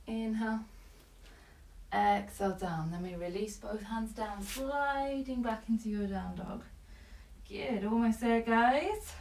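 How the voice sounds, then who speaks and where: A woman yoga teacher guiding a class with calm, breath-paced cues and short commands, slightly out of breath. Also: a little high. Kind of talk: guided yoga class instruction. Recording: echoey room, voice from a distance.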